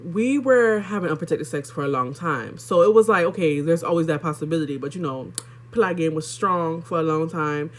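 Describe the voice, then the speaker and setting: A woman's voice: low-pitched, a little fast. Candid young woman chatting to viewers. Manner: candid and chatty, talks to viewers directly, with lots of fillers. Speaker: vlogger. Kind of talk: casual storytelling vlog.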